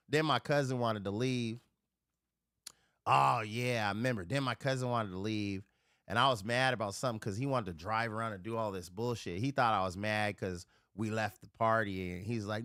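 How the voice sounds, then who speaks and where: A middle-aged man holds forth on a livestream, spinning a crude story with plenty of swearing. His voice sits in an ordinary middle range, but he jumps up high and loud whenever he acts out someone else. The sound is close and dry, with no room around it. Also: normal speed, no echo. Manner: profane, animated storyteller acting out the voices of others. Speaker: livestream host.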